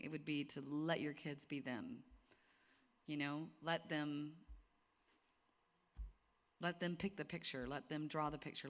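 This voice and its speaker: A woman's voice: low voice, fairly bright tone. A middle-aged woman talking casually to a group of women, chatty, with lots of restarts and asides. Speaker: speaker at a women's gathering. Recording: long hall reverb.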